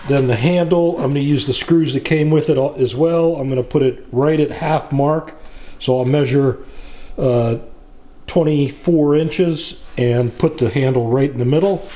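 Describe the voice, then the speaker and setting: A middle-aged man narrating his woodworking project in a casual, plain-spoken way, pausing often with fillers. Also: medium pitch, warm tone. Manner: slow, plain-spoken, with frequent pauses and fillers. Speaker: woodworking channel host.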